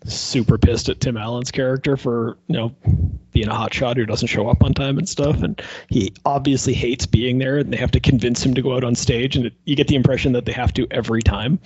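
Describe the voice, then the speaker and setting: A man's voice: mid-range voice, darkish tone, husky, dry recording. A man chatting casually about a movie, rambling and animatedly retelling scenes. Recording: dull lo-fi sound.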